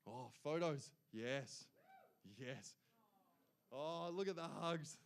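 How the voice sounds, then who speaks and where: A man's voice: fairly high pitch, slow, clear, resonant tone. A man announcing award winners at a live ceremony, cheering them on and adding chatty asides between names.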